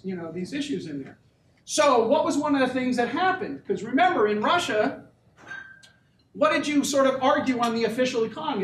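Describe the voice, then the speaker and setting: A man giving a university economics lecture in a conversational way, often checking in with the audience with quick questions. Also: high-pitched, slight background noise. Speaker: economics professor. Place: lecture hall. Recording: echoey hall, mic from a distance.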